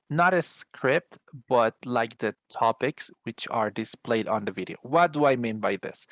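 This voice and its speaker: A man's voice: mid-range voice, no room sound. A man teaching an English lesson over a video call, explaining at length with frequent restarts and calling the students "guys.". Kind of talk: online class explanation.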